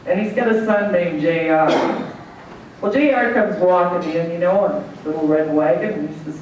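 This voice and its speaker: A woman's voice: on the low side, moderate pace, darkish tone, a little hiss or hum. A woman giving an award acceptance speech, telling a folksy joke and laughing at her own punchlines. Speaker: award recipient giving thanks. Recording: echoey hall, distant mic, dull sound.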